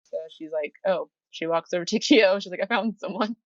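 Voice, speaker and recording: A woman's voice: fairly low pitch, brisk, dry recording, muffled recording. A woman co-hosting a casual podcast, giggling as she retells scenes and acts out the characters' lines. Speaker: podcast co-host. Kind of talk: casual anime recap chat.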